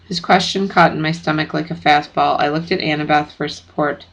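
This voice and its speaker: A narrator reading a first-person chapter book aloud in steady, plain audiobook narration. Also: medium pitch, fairly quick, vocal fry, few pauses, rough recording.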